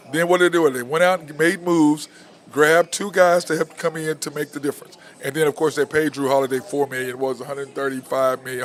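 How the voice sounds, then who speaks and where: A man hosts a sports talk show with blunt, opinionated energy. He keeps throwing rhetorical questions at the listener, his voice sitting slightly higher than most men's. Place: outdoor venue at a barbecue spot.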